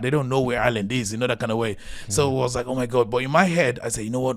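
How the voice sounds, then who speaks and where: Animated Nigerian-raised man telling stories. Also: mid-range voice, rapid-fire, hardly any pauses. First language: not English. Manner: animated, laughing, mimics voices in his stories. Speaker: podcast guest. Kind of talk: casual storytelling chat.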